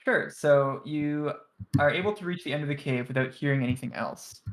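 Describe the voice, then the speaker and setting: A game master narrates a tabletop game, hesitant and restarting often. The voice sits at a middle pitch. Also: brisk, a little hiss or hum. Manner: hesitant, full of fillers and restarts.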